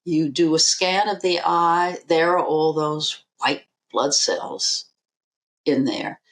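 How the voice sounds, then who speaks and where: A woman, an eye surgeon on a podcast interview, speaking in a measured, emphatic way and repeating her key figures. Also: low voice, steady tone.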